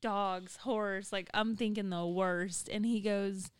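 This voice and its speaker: A woman in casual chat who laughs often and tells stories in an animated, teasing way. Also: medium pitch, slow, clean tone, dry recording.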